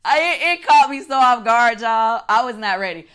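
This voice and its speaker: Animated woman retelling drama with a lively pitch. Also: normal speed, heavy background noise. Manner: animated, swearing, acting out her own reactions. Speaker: show host. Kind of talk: casual recap chat.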